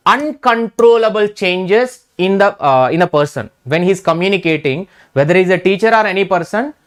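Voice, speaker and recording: A man's voice: high-pitched, fairly bright tone, clear, resonant tone. A middle-aged man with an Indian English accent, teaching an exam revision lecture, repeating key terms and checking in with "right?".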